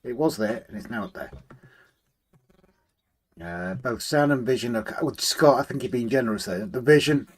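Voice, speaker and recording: A man hosts a relaxed livestream from his model railway room. He reads out viewer comments, greets each person by name in a friendly, chatty way, and hums to himself while he tinkers with the layout. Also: medium pitch, normal speed, creaky, long pauses. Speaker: livestream host. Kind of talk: casual live chat, reading out viewer comments.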